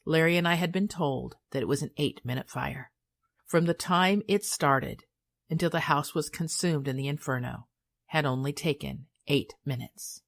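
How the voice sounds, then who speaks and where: An older woman reading her own memoir aloud in a calm, measured, soothing way. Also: sits low, vocal fry. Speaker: author and hypnotist.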